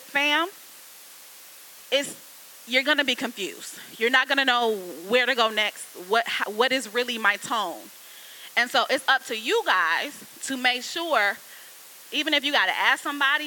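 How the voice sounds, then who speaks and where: As a guest copywriter, a woman talks to a class of students in a lively, casual, conversational way, often turning to address them directly. She has a high voice, and the rough recording carries slight background noise.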